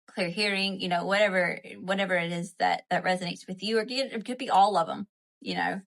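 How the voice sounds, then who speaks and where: A woman's voice: on the low side, a bit bright. A woman with a Southern accent hosting a casual spiritual livestream, chatty and repetitive, often checking in with "right?" and "you know?". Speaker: spiritual host. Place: home, live stream. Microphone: phone or webcam mic.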